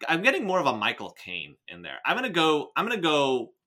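An American man co-hosting a podcast, chatting and reading a story aloud in an animated way, often repeating himself. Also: on the high side, brisk. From United States. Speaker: podcast co-host. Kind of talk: casual chat and reading aloud.

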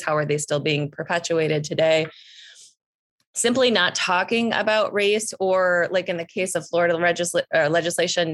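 Woman host, lower voice, earnest, long connected sentences, discussion podcast. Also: a bit bright.

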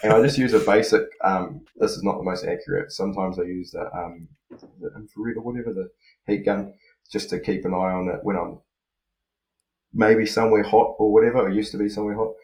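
A New man with a notably deep voice talks loosely and casually, full of ums and restarts. The recording has a roomy echo around him. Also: brisk. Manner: relaxed, rambling, many fillers and restarts. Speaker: podcast co-host, freestyle motocross rider. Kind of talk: casual podcast chat.

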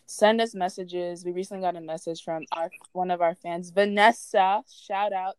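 A woman's voice: on the low side, steady tone, normal speed, smooth, no room sound. A young woman co-hosting a casual podcast, playful and teasing, laughing often as she talks. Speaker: podcast co-host. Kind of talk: casual chat.

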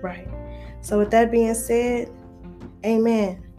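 A woman's voice: a little high, fairly even intonation, takes it slowly, warm tone, faint music behind. A woman vlogger, talking casually to her viewers, playful and preachy. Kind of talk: casual chat to camera.

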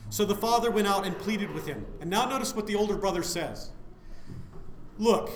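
A man's voice: high voice, expressive, moderate pace, roomy sound, a little hiss or hum. A man preaching a sermon, putting questions to his listeners and answering them himself.

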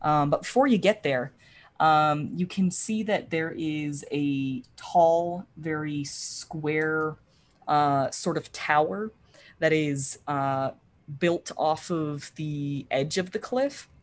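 A woman narrating a tabletop game as game master, describing scenes slowly with many ums and uhs. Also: low-pitched.

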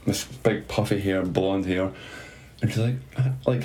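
A man's voice: on the low side, steady tone, normal speed, darkish tone. A man telling a story in a casual chat, swearing, laughing and mocking himself. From Scotland.

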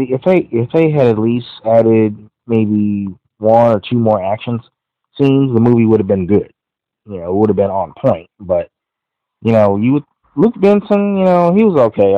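Man, podcast host, low voice, casual rambling film review, dry tinny phone-like sound. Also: dry recording. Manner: rambling, heavy use of "you know".

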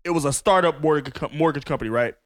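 A man co-hosting a podcast, telling stories in an animated, casual way with plenty of swearing. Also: on the high side, quick pace. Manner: animated storytelling, swearing, laughing. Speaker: podcast co-host. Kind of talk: casual chat.

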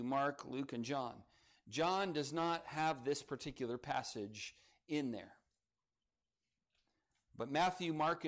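A man preaching a morning sermon, earnest and emphatic, leaning on key words as he builds each point. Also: a little high. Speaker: pastor.

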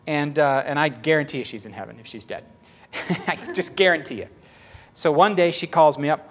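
A man preaches a sermon in a conversational, emphatic style. His voice is on the high side, animated and fairly bright, at a normal speed.

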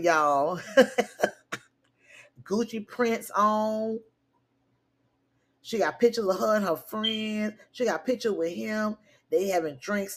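A woman hosting a gossip podcast, reading out text messages with laughing, incredulous asides in casual commentary. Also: medium pitch. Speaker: podcast host.

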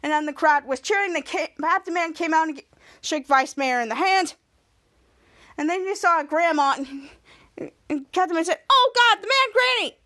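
A woman with a high voice hosts a podcast and recaps a TV episode scene by scene. She rambles, restarts her sentences and giggles as she goes. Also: normal speed, a bit bright. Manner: rambling, self-correcting, giggly. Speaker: podcast host.

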